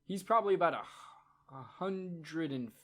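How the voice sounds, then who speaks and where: A man's voice: fairly high pitch, fairly bright tone. Casual male game master narrating. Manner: casual, halting narration with fillers.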